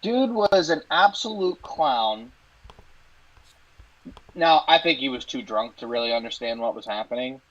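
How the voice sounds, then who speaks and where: Male co-host, mid-pitched, relaxed storyteller, slightly muffled lo-fi recording. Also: a little slow, long pauses. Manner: casual, conversational anecdotes. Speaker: sports talk co-host. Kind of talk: casual storytelling. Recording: slightly dull lo-fi audio.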